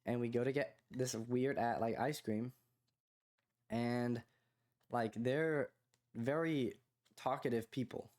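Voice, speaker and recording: A young man co-hosting a podcast, telling a long casual story full of fillers like "like" and "you know", rising in pitch when he quotes other people. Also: slow, long pauses. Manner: rambling, filler-heavy, animated when quoting others. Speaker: podcast co-host.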